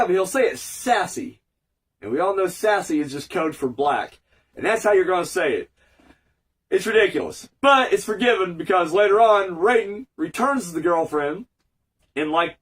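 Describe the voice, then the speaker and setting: A man's voice: sits high, animated, normal speed, husky, recorded from a distance. A man with a cold giving a casual, rambling, sweary recap review of an episode, full of fillers. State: fighting a cold.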